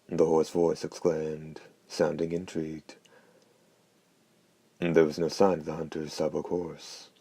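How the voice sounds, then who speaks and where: A man narrates an audiobook in a steady, unhurried reading. His voice is extremely deep, dark and monotone. The recording is close and completely dry. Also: husky, dry recording. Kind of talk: scripted narration.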